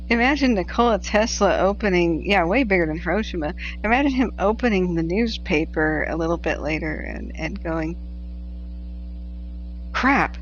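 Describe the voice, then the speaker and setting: A woman's voice: on the low side, expressive, brisk, hardly any pauses, dull audio, soft background music. A woman from the Pacific Northwest hosting a casual livestream, chatting, laughing often and reading viewer messages aloud. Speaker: livestream host tracking wildfires.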